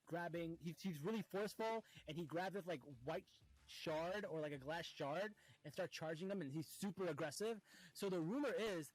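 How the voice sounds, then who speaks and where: A man's voice: a little high, no echo, rough recording. A man in casual podcast chat, laying out fan theories at length with plenty of fillers. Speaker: podcast co-host.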